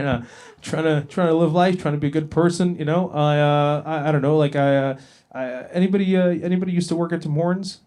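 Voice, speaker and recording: Male stand-up comic, brash and profane, chuckles through his bits, slightly high-pitched. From Libya. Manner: brash, profane, laughing at his own jokes. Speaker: stand-up comedian. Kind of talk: stand-up comedy set. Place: comedy club stage with live audience.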